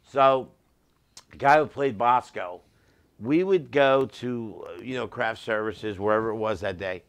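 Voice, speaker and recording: A middle-aged man, a comedian guest in a studio, telling animated anecdotes with quick asides. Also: lowish voice. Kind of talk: casual interview storytelling.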